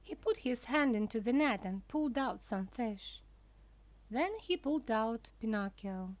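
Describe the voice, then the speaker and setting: A woman reads a simple children's story aloud for beginner learners, speaking very slowly and deliberately. Her voice sits a little high. The recording is close and completely dry. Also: expressive, dry recording. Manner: careful, clear, deliberate. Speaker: narrator. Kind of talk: slow storybook narration for learners.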